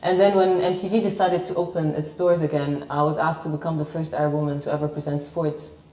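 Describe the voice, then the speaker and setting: Lebanese woman guest, deep mellow voice, confident storyteller, roomy sound from a distance. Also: fairly even intonation, fairly quick. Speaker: sports presenter guest. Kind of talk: interview conversation. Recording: echoey room, mic at distance.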